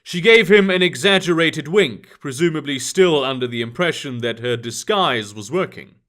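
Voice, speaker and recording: A man narrating an urban fantasy story in an expressive scripted reading. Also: mid-range voice, moderate pace.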